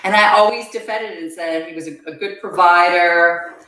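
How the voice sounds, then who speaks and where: A woman guest on a podcast, telling her personal story in an earnest, halting way and repeating words as she goes. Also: on the low side, pushed and bright. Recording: very echoey room.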